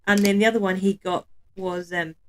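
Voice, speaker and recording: A woman, chatting casually and reacting with quick asides. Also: mid-range voice, steady tone, a little hiss or hum. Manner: warm listener, quick reactions, easy laugh. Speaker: co-host. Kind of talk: casual chat.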